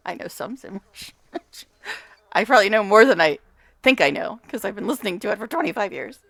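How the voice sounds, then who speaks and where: Gravelly-voiced woman chatting over gameplay. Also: medium pitch, very animated, a little fast, a bit bright, no echo. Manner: chatty, talks to game characters, swears, laughs often. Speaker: gamer vlogger. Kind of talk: casual gameplay commentary.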